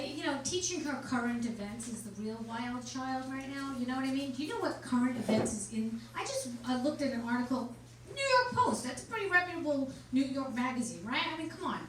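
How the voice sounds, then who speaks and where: A middle-aged woman does a stand-up comedy set, her higher voice moving between deadpan punchlines and sudden shouts. She is recorded from far off in a small, echoey club. Loud background noise runs underneath her. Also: a little fast. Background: small crowd laughing.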